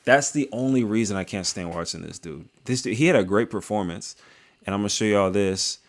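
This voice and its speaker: Young man, reaction commentary, low voice, rambling and slangy, jokes throughout. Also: fairly quick. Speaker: video creator reviewing fights.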